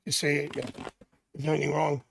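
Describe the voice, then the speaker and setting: Chatty gravelly man reading tarot cards. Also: on the high side, completely flat delivery, fairly quick, a little hiss or hum. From Canada. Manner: rambling, chatty, jokey asides. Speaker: tarot reader. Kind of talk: live-stream tarot reading.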